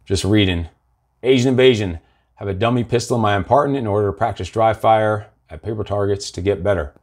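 A man's voice: fairly low pitch, fairly quick, darkish tone. A middle-aged man hosting a live motivational show, talking in a blunt, profane, intense way. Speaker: coach and show host.

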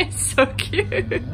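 A woman's voice: high-pitched, noisy background. A woman hosting a casual dog vlog, talking to her dog in sing-song baby talk on a handheld camera. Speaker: vlog host, dog owner.

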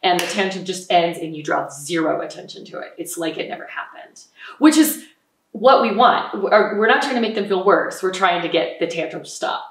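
A woman parenting expert giving calm, explanatory advice in an interview, acting out what parents might say. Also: fairly low pitch, normal speed. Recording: roomy echo, mic at a distance.

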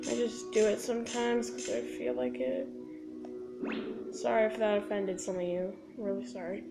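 A woman's voice: mid-range voice, normal speed, over music. A woman casually commenting on her gameplay, chatty and talking straight to her viewers with little sound-effect words. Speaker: gaming video host.

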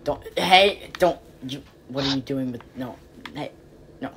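A woman commentating casually on her game, rambling and playfully exasperated, breaking into quick pleading outbursts. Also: a bass voice, noisy background. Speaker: game player.

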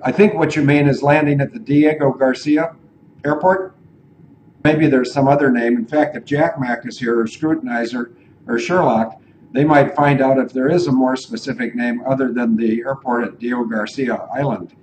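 A man's voice: mid-range voice, fairly even intonation, moderate pace, darkish tone, slight background noise, poor audio. A man hosting an online radio talk show, rambling and digressing as he thinks aloud. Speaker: show host.

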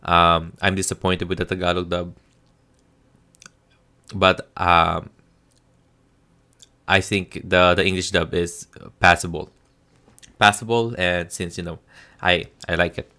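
A man's voice: deep voice, completely flat delivery, slow, long pauses, sharp tone. A Filipino man with a Filipino accent giving a casual spoken review, hesitant and full of ums and restarts. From Philippines. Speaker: show reviewer.

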